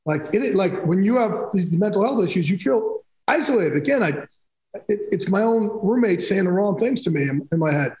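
High-voiced emphatic storytelling man. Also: animated, brisk, darkish tone, echoey room, low-quality recording. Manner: emphatic, rambling storyteller with frequent restarts. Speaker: guest. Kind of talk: candid storytelling in a podcast interview.

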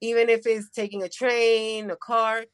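A woman's voice: a little high, flat delivery, moderate pace, no room sound, low-quality recording. A woman in her fifties, from New York, giving a heartfelt, tender tribute to her father on a family video call. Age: 50s.

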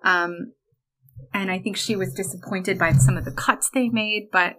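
Opinionated, animated woman podcast host. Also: medium pitch, low-quality recording. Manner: animated, opinionated, quick asides. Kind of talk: casual film discussion.

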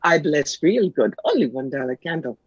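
A woman's voice: low-pitched, sing-song, moderate pace, husky, no room sound, exaggerated voice. A woman voicing a pushy, swindling fake fortune-teller woman in a bad put-on Russian accent with broken grammar. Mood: wheedling. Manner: broken grammar, wheedling sales patter. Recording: dull lo-fi sound.

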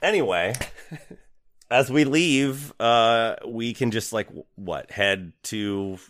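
A man's voice: mid-range voice, takes it slowly, a bit bright. A man co-hosting a casual podcast, recapping a video game in a rambling, hesitant way with many ums. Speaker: podcast host narrating a game playthrough. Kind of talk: casual chat.

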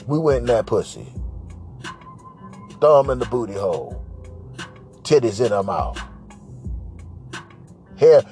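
A man's voice: mid-range voice, sing-song, slow pace, long pauses, warm tone, soft background music. A man hosting a podcast, telling a crude story in a boastful, profane way, repeating phrases and slipping into singsong. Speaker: podcast host.

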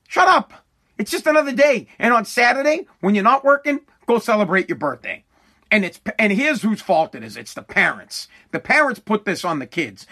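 High, bright-voiced guy in his thirties, rambling and profane, blunt, stop-start monologue. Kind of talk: ranting monologue.

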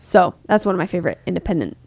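A woman's voice: on the low side, sing-song, rapid-fire, darkish tone, no room sound. A woman in her thirties co-hosting a parenting podcast, chatting casually and acting out quoted voices. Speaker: podcast co-host.

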